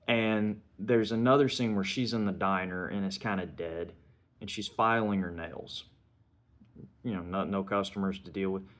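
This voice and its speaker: A man giving a casual spoken film review, retelling scenes and dialogue in a conversational way. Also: deep voice.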